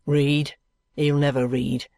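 A reader voicing a sulky, gruff young man who answers in curt, grumbling sentences. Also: medium pitch, flat delivery, takes it slowly, a little mellow, no echo, studio quality.

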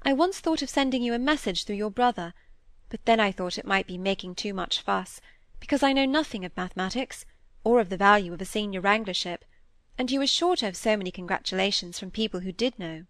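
A woman's voice: mid-range voice, expressive, brisk, fairly bright tone, dry recording, close to an everyday voice. A shy, sincere young woman speaking earnestly with a wistful edge, read by a woman in an audiobook. Her voice sits mid-range and the recording is dry. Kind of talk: audiobook reading.

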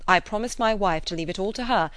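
A woman voicing an earnest middle-aged gentleman who keeps a secret, speaking gravely and in a hushed, hurried way. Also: mid-range voice, dry recording, close to an everyday voice.

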